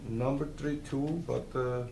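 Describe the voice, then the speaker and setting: Hesitant man in halting English. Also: mid-range voice, fairly even intonation, vocal fry, dark tone. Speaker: player. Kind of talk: game table speech. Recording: echoey noisy room.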